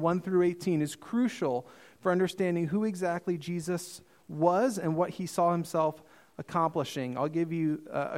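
Man, pastor, sermon, high voice, earnest, emphatic. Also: a little mellow. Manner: earnest, emphatic preaching with slowed quoted passages.

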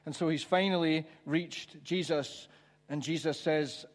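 A man preaching a sermon, reflective and conversational, pausing for emphasis. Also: a little high, steady tone. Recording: church hall with long reverb.

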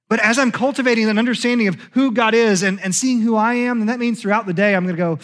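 High-voiced man preaching. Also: quick pace, hardly any pauses. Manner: conversational preaching, drops to hushed tones for confessions. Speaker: pastor. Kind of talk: sermon. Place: church sanctuary.

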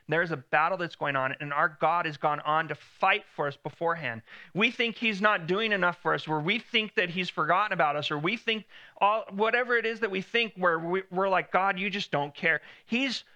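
A man's voice: fairly high pitch, sharp tone. A man preaching a sermon in a conversational way, lifting his voice when he quotes God.

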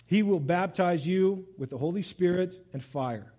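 A middle-aged man delivers a sermon with a noticeably high-pitched voice. He moves between reading scripture and loose, conversational asides, keeping the tone animated. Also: normal speed, breathy edge. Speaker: pastor.

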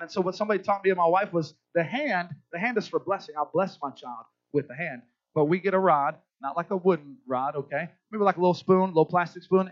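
This is a middle-aged pastor with a high-pitched voice, preaching to a church crowd. He talks in a chatty, conversational way and regularly checks in with his listeners. The sound is dull, lo-fi and dry, with no room ambience.

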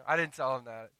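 A man's voice: high-pitched, pushed and bright, clean tone, low-quality recording. A middle-aged man, a pastor preaching a sermon, telling stories and turning to the congregation with asides.

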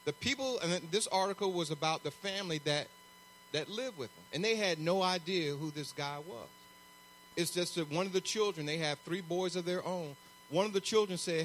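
A man preaching a sermon as pastor, conversational and animated, acting out little asides. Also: a little high, a little fast, a little hiss or hum.

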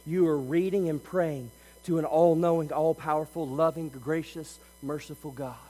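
High-voiced preacher, loud then hushed. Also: male voice, fairly even intonation, moderate pace, in a large hall, poor audio. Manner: swings between loud emphatic passages and quiet, low, intimate asides. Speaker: pastor. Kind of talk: sermon. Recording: faint mains hum.

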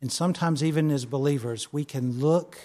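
A man preaching a sermon in an earnest, conversational way, his voice sitting slightly high. He tells stories with easy fillers and restarts, and he turns softer and slower when he leads into prayer. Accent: not local to the church's area. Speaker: pastor.

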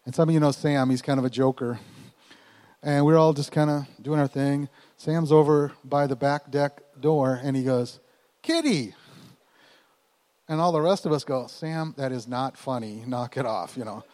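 A man preaching at a church, telling a story in a folksy, animated way with chuckles in between. His voice sits a bit higher than most men's. A long reverb trails off each phrase, as if in a large hall. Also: normal speed. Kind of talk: sermon storytelling.

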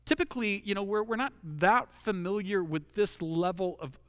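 A middle-aged man preaching a sermon, earnest and repetitive, dropping low and slow to stress his key phrases. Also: clean tone, no room sound. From Washington state. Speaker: pastor.

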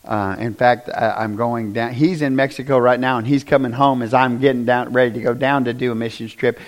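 A man preaching a conversational sermon, often asking the congregation questions and rising to loud, emphatic bursts. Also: mid-range voice, steady tone, a little fast. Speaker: pastor.

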